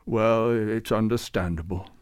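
A man voicing a blunt, gruff old male saint who was once a king, speaking dismissively in a storybook reading. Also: fairly low pitch, unhurried, no room sound, studio quality, lightly acted. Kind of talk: storybook character voice.

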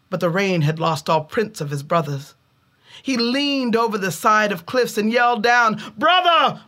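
Bright-voiced woman storyteller. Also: mid-range voice. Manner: measured, dramatic pauses. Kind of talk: oral storytelling.

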